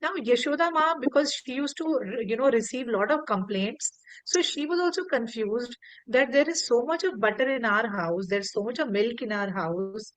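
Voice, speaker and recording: A woman tells a devotional story on a video call, animated and acting out the characters' lines. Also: on the high side, normal speed, no room sound, low-quality recording.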